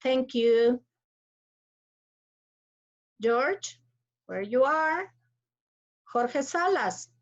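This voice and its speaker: Slow high-voiced Ecuadorian teacher on a video call. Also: female voice, animated. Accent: Ecuadorian Spanish. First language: Spanish. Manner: slow, patient, repeats names and cues. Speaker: English teacher. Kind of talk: online class, calling on students. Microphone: computer mic on a video call. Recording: dull lo-fi video call audio.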